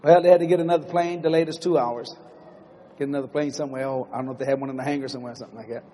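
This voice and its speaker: A middle-aged male preacher telling a story in a sermon in a church, animated and breaking into loud exclamations. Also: mid-range voice, very fast, big-room sound, slight background noise. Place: church building.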